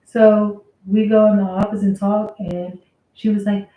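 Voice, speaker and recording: Speaking at a medium pitch with little rise and fall, a woman takes her time recounting a workplace story in a casual storytime. Her tone is aggrieved and chatty with some swearing, captured in roomy, thin, phone-like sound.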